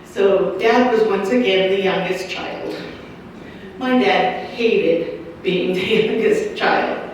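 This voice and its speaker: Older woman reminiscing in an echoey hall. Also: mid-range voice. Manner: unhurried, rambling recollection with ums and restarts. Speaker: local history speaker. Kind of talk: family storytelling talk to an audience. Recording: echoey hall recording from far off, light noise.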